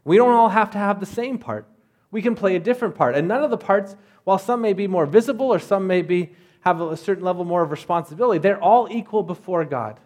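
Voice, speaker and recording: A man's voice: high-pitched, animated, quick pace, a little mellow. A man in his thirties preaching a sermon as a pastor, in a conversational way with rhetorical asides.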